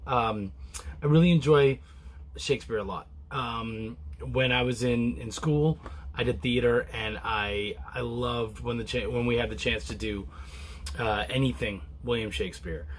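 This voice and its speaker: Laid-back rambling male comic reviewer. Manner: rambling with many restarts and fillers; relaxed and low-key. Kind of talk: casual chat to camera.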